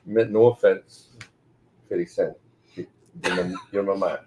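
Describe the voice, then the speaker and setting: Low-voiced man giving joking toasts. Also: measured pace, very noisy. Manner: joking, gives rhyming toasts. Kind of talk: casual chat and toasts.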